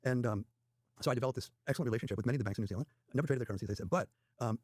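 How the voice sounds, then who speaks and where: A man as the guest trader in an interview, telling stories quickly and quoting other people's dialogue as he goes. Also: medium pitch, a little mellow, no echo, clean studio sound. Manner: rapid anecdotal retelling with quoted dialogue. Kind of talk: interview storytelling.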